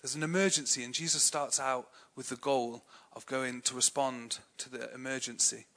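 A man's voice: mid-range voice, fairly even intonation, normal speed, a bit bright. A young English man preaching a sermon in a chatty, self-deprecating way, telling personal stories with many fillers. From England.

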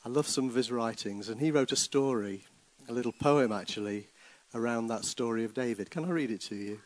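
A man preaching a sermon, speaking in a soft, reflective way. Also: medium pitch, a little fast, no room sound, low-quality recording. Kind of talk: sermon with poem reading.

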